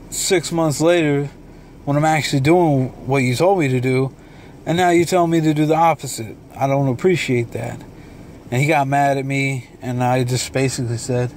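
A young man talking in a relaxed, rambling vlog monologue from a dark room at home, swearing freely. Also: mid-range voice, a little hiss or hum. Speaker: vlogger and beatmaker.

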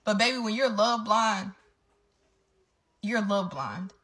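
A woman's voice: medium pitch, animated, takes it slowly, fairly bright tone. Blunt woman venting. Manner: blunt, profane, heated. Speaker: storyteller. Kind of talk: venting storytime vlog.

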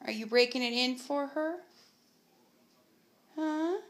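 A woman's voice: sits high, slow. A woman at home talking to her dogs in a coaxing, playful way, asking them lots of questions. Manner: coaxing, playful pet talk with many questions. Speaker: dog owner. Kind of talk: casual home video talking to pets.

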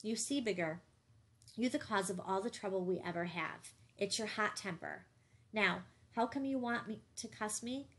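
A woman's voice: mid-range voice, normal speed, lightly acted. A woman voicing a proud young man in an audiobook, reproachful and stubborn, lecturing his rival.

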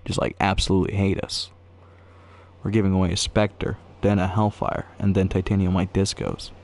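Dude streaming a game and just rambling at chat, goofy and kinda excitable. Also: male voice, low voice, moderate pace. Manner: goofy, rambling, laughs often, swings into excited yelps. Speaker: gaming streamer. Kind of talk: casual live-stream chat.

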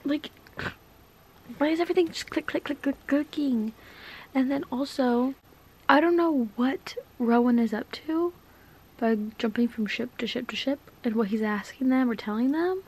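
Gushing high-voiced young woman book vlogger. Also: moderate pace, slightly rough. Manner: gushing, excitable, says "like" a lot. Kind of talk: casual reading vlog chat.

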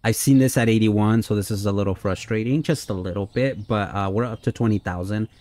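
A man's voice: lowish voice, a little fast, a little mellow, no echo. A man giving friendly, casual let's-play commentary on a simulation game, chatting with his viewers and dropping many "uh" fillers. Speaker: gaming YouTuber.

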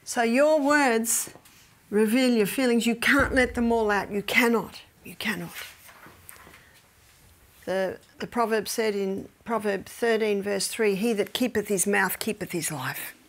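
A woman's voice: fairly high pitch, unhurried. A middle-aged woman gives a faith-based health lecture, telling stories with animation and often dropping to near-whispers.

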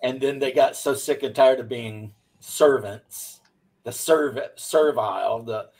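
Brief: male co-host, mid-pitched, talkative trivia sharer. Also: takes it slowly, darkish tone, rough recording. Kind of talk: casual chat.

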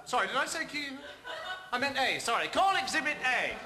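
A man's voice: very high-pitched, big pitch swings, fairly quick. A man playing a flustered barrister in a British TV sketch, blustering through his speech. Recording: echoey 1970 TV studio with faint audience noise.

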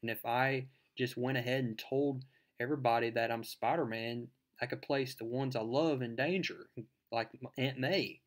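A man's voice: mid-range voice, fairly even intonation, moderate pace, close to an everyday voice. A man voicing an earnest, nervous teenage boy superhero who explains himself pleadingly.

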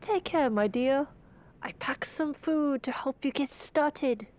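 A woman voicing a kindly motherly village woman who speaks gently. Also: high-pitched, slow pace, voice pushed up.

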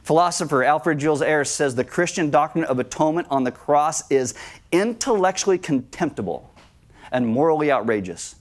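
Emphatic preaching man, higher pitch. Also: lively intonation, normal speed. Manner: emphatic preaching, acts out quoted voices with big pitch jumps. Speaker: pastor. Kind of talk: sermon. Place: church.

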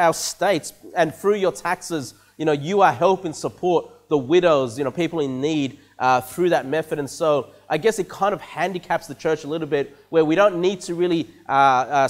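A man preaching a conversational sermon as pastor of a church, often repeating words and checking in with the congregation with "okay?" and "you know". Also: fairly high pitch.

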